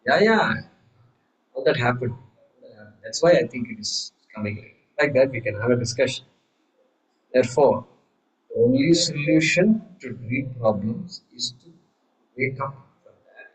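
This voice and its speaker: A man teaching a scripture class, lively, asking rhetorical questions and acting out voices. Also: mid-range voice, unhurried, long pauses, rough recording. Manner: animated, acts out quoted voices, rhetorical questions. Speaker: Vedanta teacher. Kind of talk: class lecture.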